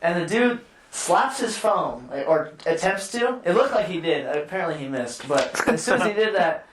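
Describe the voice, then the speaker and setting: A man's voice: high voice, expressive, normal speed, echoey room, distant mic, poor audio. A man hosting a podcast, telling a story in a rambling, swearing way. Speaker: podcast host. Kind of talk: casual storytelling chat.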